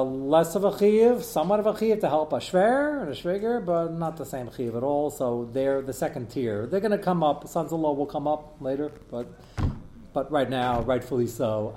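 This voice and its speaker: A man teaching a relaxed Talmud class at a middle pitch. He reads passages aloud and then explains them in plain, chatty talk. He stops to take questions from his students as he goes. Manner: conversational, answers students' questions, drops Hebrew terms. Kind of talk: casual Talmud lesson.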